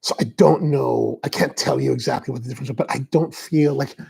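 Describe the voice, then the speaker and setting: A man's voice: mid-range voice, fairly quick, vocal fry, mellow, husky. A man hosting a coffee livestream, chatting casually and reading out viewer comments in a rambling, chatty way. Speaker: coffee show host.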